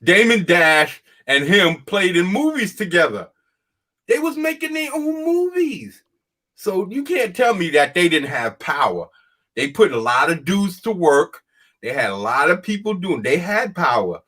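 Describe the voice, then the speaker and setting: A fired-up man rants on a casual talk show with a fairly high voice that swings widely in pitch. He hammers his points home by repeating them and talks in a plain, folksy way, laughing as he goes. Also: sing-song, normal speed, pushed and bright. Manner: emphatic, repetitive, ranting, laughs often.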